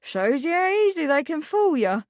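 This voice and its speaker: A woman's voice: high voice, big pitch swings, normal speed, a little mellow, no room sound, voice pushed up. A woman voicing an older housekeeper who speaks in plain rustic dialect. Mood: gossiping. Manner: rustic dialect, matter-of-fact. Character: older housekeeper, gossipy and sympathetic.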